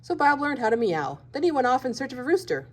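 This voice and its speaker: A woman's voice: sits high, sing-song, fast, slight background noise. A woman reading a children's picture book aloud, expressively, acting out the animal sounds. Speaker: storybook reader.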